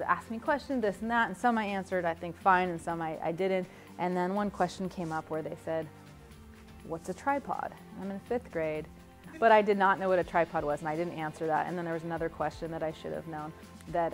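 A woman in her thirties, a motivational coach, telling rambling, self-deprecating personal stories in an animated way. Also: fairly low pitch, brisk, soft background music.

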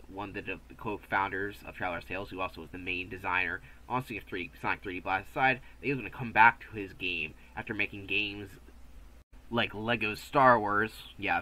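A man's voice: fairly low pitch, sharp tone, poor audio. A man narrating a casual video game review, chatty and offhand, with restarts and asides.

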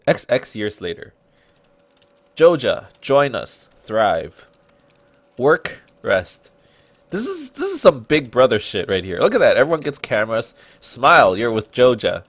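A man's voice: mid-range voice, huge pitch swings, brisk, hardly any pauses, fairly bright tone. A man casually commenting on a farming game, joking and laughing often as he plays. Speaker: gaming channel host. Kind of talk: let's play commentary.

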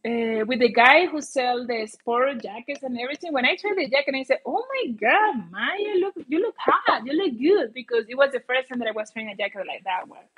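A woman's voice: a little high, fairly bright tone, highs cut off. A woman with a Colombian accent, a native Spanish speaker, chatting casually on a livestream and often searching for English words. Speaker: vlogger.

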